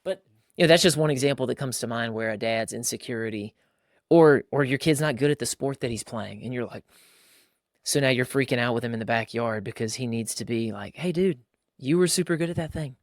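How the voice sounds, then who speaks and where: A man in his thirties talks through parenting from a Christian angle in a casual chat. He is animated and often slips into quick acted-out voices of fathers and kids. His voice sits at a middle pitch, recorded close and dry. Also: no echo. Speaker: podcast co-host.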